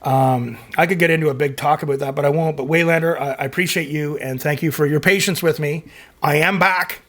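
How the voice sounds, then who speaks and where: A man's voice: on the high side, fairly even intonation, fast, a bit bright. A middle-aged man hosting a music reaction channel, chatting loosely as he reads out viewer comments, rambling and full of fillers. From Canada. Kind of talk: casual chat reading viewer comments.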